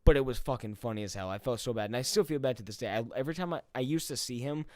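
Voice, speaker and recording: A man's voice: mid-range voice, racing, darkish tone, no room sound, clean studio sound. A man in his twenties telling a story to his viewers in a casual, profane, laid-back way. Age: 20s. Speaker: gaming YouTuber.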